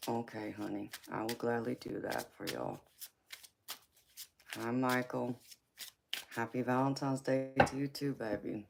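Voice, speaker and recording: A woman with a Southern Georgia accent chats slowly and fondly with livestream viewers. Her voice has a gravelly, fry-laden texture. Steady background noise sits behind it, and cards shuffle now and then. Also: rumbling low. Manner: affectionate, calls viewers honey and sweetheart. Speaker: tarot reader hosting a livestream. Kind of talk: casual livestream chat.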